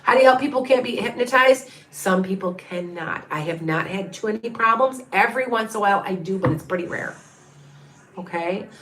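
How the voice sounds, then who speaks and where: She speaks briskly in a medium-pitched, somewhat bright voice. A middle-aged psychic on a livestream, she thinks out loud in a rambling, repetitive way while reading off viewer names and counting under her breath.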